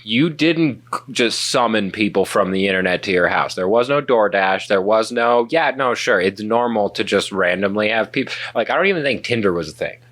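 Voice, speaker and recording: A man's voice: fairly low pitch, animated, normal speed, few pauses, a bit bright. A man hosting a casual chat, dropping dry wisecracking asides. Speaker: podcast host.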